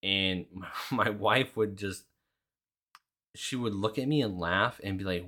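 A man's voice: lowish voice, measured pace, pushed and bright. A young man hosting a podcast, chatting casually and rambling with lots of swearing and fillers. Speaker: podcast host. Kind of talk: casual solo chat.

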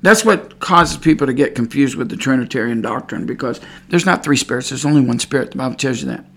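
Gravelly man preaching a rambling sermon. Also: medium pitch, expressive, fast. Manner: rambling, repeats words, grows fervent and cries out praise. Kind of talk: informal sermon.

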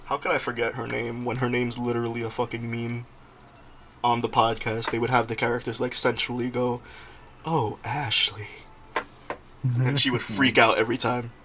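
A young man hosting a casual podcast, telling stories in an animated way and often laughing. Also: mid-range voice, fairly quick, slight background noise. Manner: laughing, animated storytelling with quoted voices. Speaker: podcast host.

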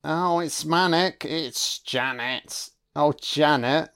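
A man's voice: on the high side, slow, a bit bright, clean tone. A man giving a casual, profane and sarcastic film commentary as host.

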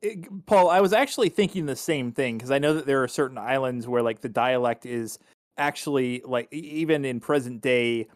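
A man's voice: medium pitch, moderate pace, no echo. A man co-hosts a casual film podcast, rambling through his points and filling them with "like." His voice is recorded dry and close, with no room around it. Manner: rambling, full of "like" fillers. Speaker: podcast co-host.

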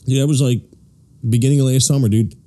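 Young philly dude on a podcast, low mellow tone, cussing his way through a long story. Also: fairly even intonation, fast talker. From Philadelphia. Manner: swearing, rambling anecdotes, acts out quotes. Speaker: podcast host. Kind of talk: casual chat, storytelling.

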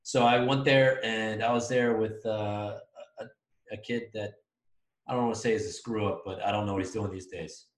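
A man's voice: fairly low pitch, fairly even intonation, moderate pace. A young man hosting a podcast, telling a rambling, profane school story in casual chat. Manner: profane, rambling, acts out quotes loudly. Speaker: podcast host. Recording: echoey room.

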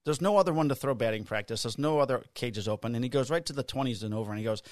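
Talking at a quick pace with a medium-pitched voice, a fifties-aged man co-hosting a podcast tells a lengthy casual story full of swearing and acted-out lines. The sound is clean studio audio with no room sound.

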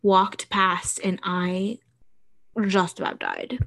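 A woman co-hosting a podcast in casual chat, gushing and excitable, with rambling stories. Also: mid-range voice, slow. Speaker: podcast co-host.

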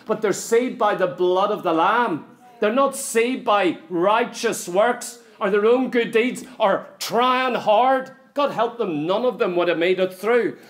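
A man preaching a sermon in a church, emphatic and full of rhetorical questions to the congregation. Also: high voice.

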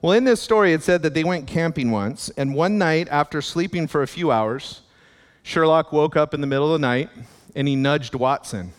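A man's voice: fairly high pitch, normal speed, clear, resonant tone, big-room sound. A man preaching a sermon as pastor, in a conversational way with chuckling asides.

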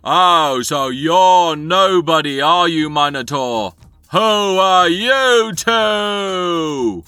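A man voicing beefy male rock elf guards who bellow slow, loud challenges. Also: a little high, animated, clear, resonant tone, no echo, pitched above the performer's own voice, exaggerated voice.

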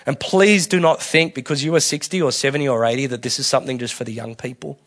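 A man preaching a conversational sermon, candid and colloquial, restarting phrases and swinging between soft and loud. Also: mid-range voice, fairly even intonation, fast. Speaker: pastor.

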